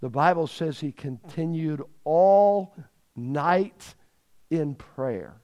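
A man preaching a sermon, emphatic, repeating key words for stress and swinging between loud and hushed delivery. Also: fairly high pitch, lively intonation, drawn-out words.

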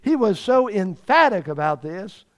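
A man preaching a sermon, emphatic, repeating key words for stress and swinging between loud and hushed delivery. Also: high-pitched, sing-song, a little slow.

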